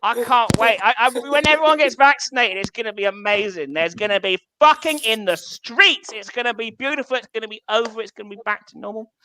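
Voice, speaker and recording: English male comic on a video call; bright, crisp tone, sweary and self-deprecating. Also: high-pitched, brisk, few pauses, slight background noise. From England. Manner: swearing, self-mocking, laughs at own jokes. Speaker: stand-up comedian. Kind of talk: stand-up set on a video call.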